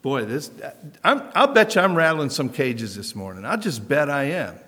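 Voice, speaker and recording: An American man preaching a sermon in an animated, conversational way, asking rhetorical questions. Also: mid-range voice, normal speed. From United States. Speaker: pastor. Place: church sanctuary. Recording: long hall reverb.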